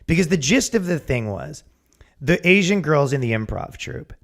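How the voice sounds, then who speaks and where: A man's voice: a little high, big pitch swings, moderate pace. A man co-hosting a comedy podcast, chatting casually, rambling with restarts, swearing and acting out quotes. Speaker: podcast co-host.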